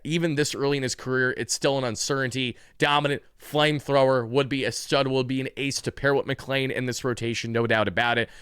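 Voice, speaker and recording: A man's voice: mid-range voice, fairly even intonation, brisk, few pauses, fairly bright tone, clear, resonant tone, no room sound, studio quality. A man hosting a sports channel, giving opinionated commentary in a conversational way and correcting himself mid-sentence.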